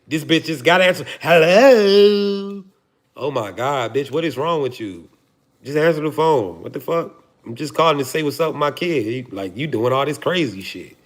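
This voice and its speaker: A man's voice: fairly high pitch, fairly bright tone. A man, hosting a livestream and joking profanely to his chat before preaching his point. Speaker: livestream host. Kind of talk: casual livestream talk to chat.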